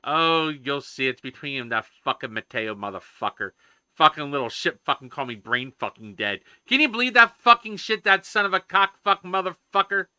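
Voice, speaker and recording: High, sharp-voiced swearing man. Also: very animated, normal speed, clear, resonant tone, no room sound, studio quality. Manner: profane, ranting, heavy swearing. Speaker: streamer coding live. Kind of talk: casual live-stream chatter.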